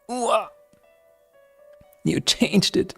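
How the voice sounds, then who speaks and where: A man voicing an agitated, panicky software app in a high, hushed voice. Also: expressive, drawn-out words, creaky, breathy edge, faint music behind, exaggerated voice.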